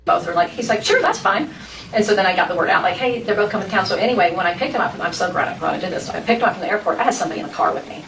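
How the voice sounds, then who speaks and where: Fast-talking woman telling a rambling personal story. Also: lowish voice, gravelly, a bit bright. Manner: rambling, full of restarts and quoted dialogue. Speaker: interview guest. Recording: echoey room, from a distance, faint noise.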